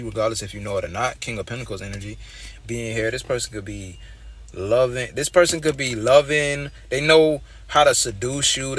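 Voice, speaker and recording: A man's voice: mid-range voice, a bit bright, a little hiss or hum. A young man giving a casual tarot reading in a blunt, streetwise way, repeating his points as he talks. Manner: loose, conversational, repeats phrases. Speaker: tarot reader.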